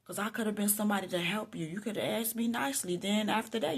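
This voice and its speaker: A woman, telling a personal Christian testimony in an animated way, quoting both people in the story and swinging from low murmurs to loud outbursts. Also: fast, hardly any pauses, husky. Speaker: Christian vlogger sharing a testimony.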